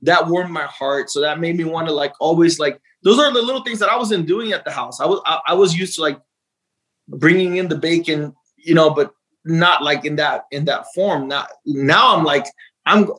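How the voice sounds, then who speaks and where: Rambling chatty dad telling stories. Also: male voice, on the high side, moderate pace, a bit bright, rough recording. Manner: rambling, repeats words, acts out quotes. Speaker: interview guest, father. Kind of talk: casual storytelling chat.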